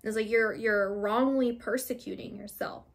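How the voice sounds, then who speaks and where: A young woman giving a casual spiritual card reading, rambling with many fillers and restarts, gently reassuring. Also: fairly high pitch, steady tone, moderate pace, gravelly. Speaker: tarot reader.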